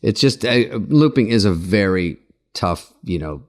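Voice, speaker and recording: A man's voice: low voice, expressive, measured pace, a little mellow. A middle-aged man co-hosting a podcast, telling stories in a dry, sarcastic way and acting out other people. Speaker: podcast co-host. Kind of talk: casual anecdote telling.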